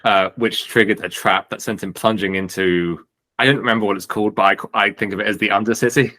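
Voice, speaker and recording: A man's voice: fairly low pitch, steady tone, fast, bright, forceful tone. A man co-hosting a casual tabletop gaming podcast, trading dry joking asides. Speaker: podcast co-host.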